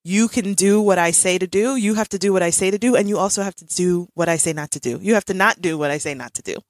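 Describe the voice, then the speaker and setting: A woman in her thirties chats as a podcast host, spinning a story with bursts of laughter. Her voice sits a little low. The sound is dry and close, with no room around it. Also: fast talker, no echo. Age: 30s. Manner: animated storytelling with frequent laughs. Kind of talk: casual chat.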